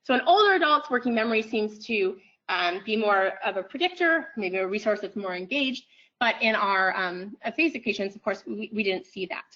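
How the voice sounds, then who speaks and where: A woman giving an academic lecture in a room, pausing often with ums and restarting her phrases. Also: medium pitch, lively intonation, fairly bright tone, dull audio. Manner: frequent ums, thoughtful restarts.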